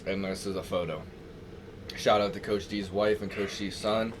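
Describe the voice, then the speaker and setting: A man's voice: lowish voice, steady tone, normal speed. A young man, a college football player, chatting as a guest in short, laid-back replies. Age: young adult. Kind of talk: casual chat. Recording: clear background noise.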